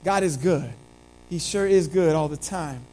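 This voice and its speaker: A middle-aged man preaching a sermon in a church, his voice slightly hoarse, talking earnestly and conversationally with frequent restarts. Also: on the high side, a little slow, warm tone, poor audio. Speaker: pastor. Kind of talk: sermon with opening prayer. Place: church sanctuary.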